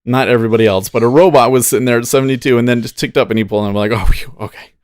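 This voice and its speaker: A man's voice: mid-range voice, steady tone, rapid-fire, clean tone, no room sound, clean studio sound. A man hosting a live day-trading stream, thinking aloud and cheering on his trades in easy casual chat.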